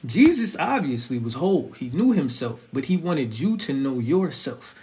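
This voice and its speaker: A Christian vlogger with a voice on the high side talks at a moderate pace. In a relaxed, slangy monologue on faith and relationships, the young man is animated and chatty and keeps checking if listeners feel him.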